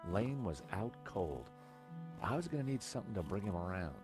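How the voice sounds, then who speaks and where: A man's voice: lowish voice, very animated, normal speed, a little mellow, soft background music. An actor playing a male adventure game hero who narrates his story in a dry, wry way.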